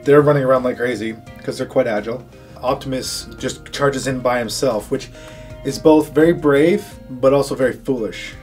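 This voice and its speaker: A man's voice: mid-range voice, moderate pace, a little mellow, faint music behind. A man co-hosting a casual review chat, playfully recapping scenes as a story. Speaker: podcast co-host reviewing a cartoon series.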